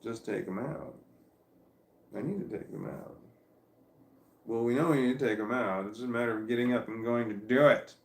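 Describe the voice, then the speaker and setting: A man's voice: mid-range voice, moderate pace, long pauses, roomy sound. A tired man in a casual vlog, rambling and arguing with himself at home. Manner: talks to himself, argues with himself, laughs and sighs. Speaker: vlogger. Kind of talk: rambling self-talk vlog. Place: at home on a couch with his dog.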